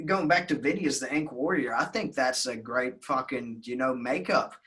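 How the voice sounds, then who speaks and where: A man's voice: mid-range voice, normal speed, bright, forceful tone. A man with a Southern US accent hosting a podcast in casual chat, loose and rambling, swearing freely. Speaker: podcast host.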